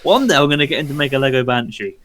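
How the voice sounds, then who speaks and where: A man's voice: mid-range voice, lively intonation, very fast, fairly bright tone, slight background noise. A man giving blunt, opinionated takes as a guest in a casual group chat. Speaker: podcast guest.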